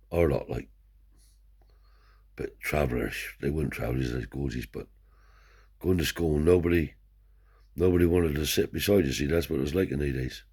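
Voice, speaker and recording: A man's voice: rumbling low, darkish tone, husky. An older man, a Romany traveller telling rambling stories in broad dialect, peppered with swearing and "see?". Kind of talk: rambling oral storytelling.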